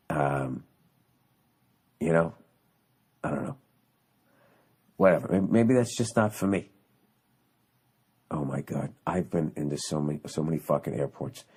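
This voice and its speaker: A man's voice: rumbling low, darkish tone, breathy edge. A man hosting a podcast, delivering a profane, sarcastic comedic rant that rambles through restarts and asides. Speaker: podcast host.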